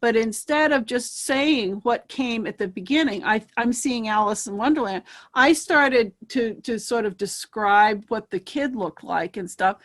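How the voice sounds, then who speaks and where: A woman's voice: a little high, unhurried, dry recording. An older woman, a guest in a casual interview, speaking reflectively. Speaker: guest medium.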